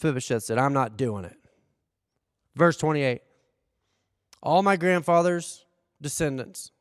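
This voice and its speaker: A man preaching a sermon as pastor, animated, acting out the people he quotes. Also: on the high side, unhurried, clean tone, no echo, studio quality, in a large hall. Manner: animated, acts out quoted voices. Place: church hall.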